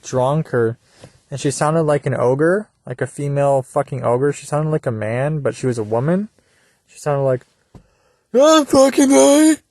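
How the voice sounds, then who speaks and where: A man's voice: medium pitch, warm tone, dry recording. A young man talking in a rambling solo monologue, meandering and crude, often trailing off into mumbles. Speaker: podcaster. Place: at work during a shift.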